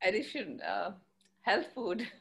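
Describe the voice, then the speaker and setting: A middle-aged woman in fitness, answering interview questions thoughtfully with many pauses and fillers. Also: medium pitch, wildly swooping pitch, gravelly, fairly bright tone. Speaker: fitness professional guest.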